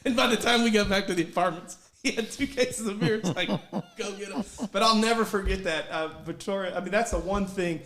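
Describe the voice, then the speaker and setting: A man telling animated, profane stories on a casual podcast and shouting out his coach's lines. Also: sits high, fast talker, hardly any pauses. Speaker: podcast co-host. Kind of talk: casual storytelling chat.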